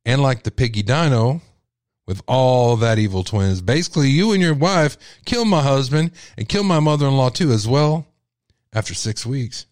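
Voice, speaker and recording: A bitter, grieving widow rants at the people she blames, her voice jumping up and down in pitch as she accuses them, as a man puts her on. The voice sits at an ordinary middle pitch. It is recorded dry and close, with no room sound. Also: expressive, normal speed, no echo, close to an everyday voice. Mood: bitter accusing. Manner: accusing, ranting, with sharp swings in pitch. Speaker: podcast host.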